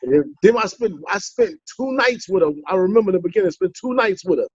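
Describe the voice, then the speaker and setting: A comedian guest from the Bronx, New York, tells playful, teasing stories in a casual interview, an animated storyteller. His voice sits high and is brisk and husky. The recording is lo-fi with no echo.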